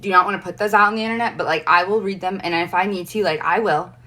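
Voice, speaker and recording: A young woman with a low-pitched voice tells a long personal story in a casual chat. Her tone is forceful and edged, and her telling is earnest and rambling, with many fillers and restarts. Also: fast talker. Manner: emotional, earnest.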